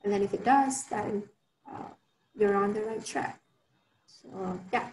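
A woman's voice: medium pitch, slow pace, darkish tone, slight background noise. A young adult woman giving an online workshop talk, chatty, with many fillers and restarts. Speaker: workshop speaker. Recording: roomy sound with faint ambience.

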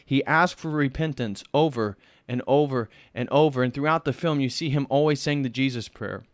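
A man's voice: mid-range voice, normal speed, no echo. A man hosting a casual livestream film review, earnestly retelling the plot in detail. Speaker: film reviewer, channel host.

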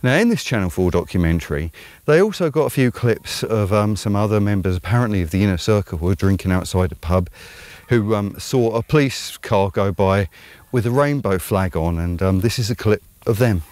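Low-voiced Estuary English commentator. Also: male voice, animated, brisk, darkish tone, no echo. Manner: conversational, rambling, many ums. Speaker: channel host. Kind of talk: opinionated commentary monologue.

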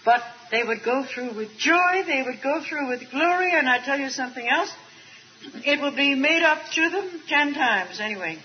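An older woman preaching a sermon at a retreat, earnest and emphatic, drawing out key words slowly with a light aside now and then. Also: high voice, animated. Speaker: speaker at a Christian retreat. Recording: dull archival tape recording.

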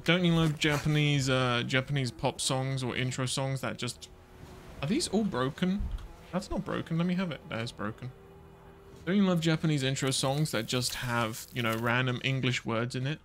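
A man streaming a video game, rambling and quick to laugh and exclaim as he plays. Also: medium pitch, a bit bright, slight background noise. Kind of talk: casual live gameplay commentary.

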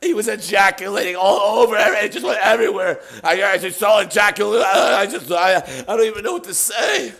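A man's voice: high voice, a little fast, vocal fry, few pauses, fairly bright tone. A man hosting a comedic painting stream, talking in a stammering, overwrought way. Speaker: stream host.

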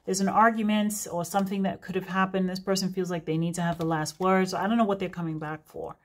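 A woman's voice: fairly low pitch, steady tone, fast. A woman giving a casual, unscripted reading as a host, talking in a chatty, rambling way with frequent laughing digressions. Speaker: tarot reader.

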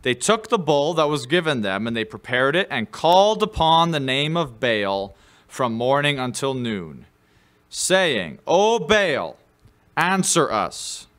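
A man's voice: medium pitch, very animated, unhurried, a bit bright. A man preaching a midweek sermon as pastor, teaching in a conversational way with fillers, and lifting his voice when he reads quoted scripture. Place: church.

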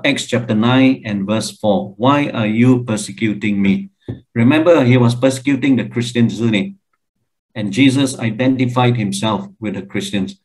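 An older man lecturing on the Bible, emphatic and animated, often asking his listeners questions. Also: rough recording. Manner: emphatic, animated, with pitch jumps and repeated questions to the audience.

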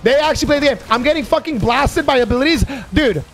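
A man doing live gameplay commentary, cursing and excitedly trash-talking his teammates. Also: very high-pitched, fast talker. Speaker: gaming YouTuber.

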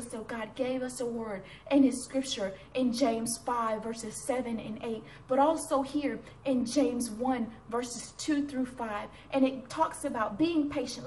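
A woman's voice: high voice, mellow, slight background noise. A woman giving an earnest, encouraging devotional sermon and reading a poem with growing fervor, speaking to her computer camera. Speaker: Christian speaker. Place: at home before a computer. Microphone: computer webcam.

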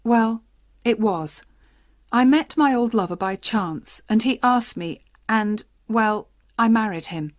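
A woman's voice: a little high, slow pace. A woman reading the part of a young wife, a schoolteacher, who anxiously confesses a secret.

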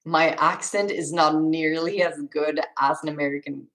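Her voice is deep and a bit bright, with fairly even intonation and a normal speed, as this young Swedish woman with a Swedish accent casually reads and answers chat questions on a live stream, restarting and laughing. The recording is low quality.

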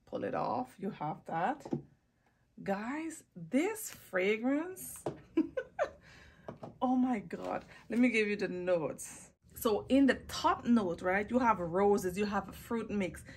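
A fragrance vlogger chats casually in a perfume haul video, gushing and stretching out words for emphasis, recorded close up on a phone or camera mic. Her mid-range voice is sing-song and slow, with a slight hiss or hum in the audio.

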